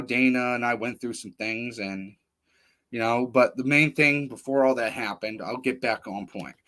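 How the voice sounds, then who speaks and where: A livestream host with a mid-range, fairly bright voice delivers a casual monologue of personal stories. He rambles, speaks bluntly, and uses plenty of profanity.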